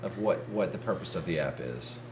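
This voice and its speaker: A man's voice: low voice, animated, a little fast, noisy background. A man co-hosting a casual late-night podcast, rambling and joking with many restarts. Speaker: podcast co-host. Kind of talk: casual late-night chat over beers.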